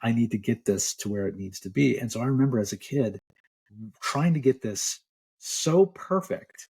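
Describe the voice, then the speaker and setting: Man, middle-aged, psychologist guest, husky voice, podcast interview, relaxed explaining. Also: mid-range voice, normal speed.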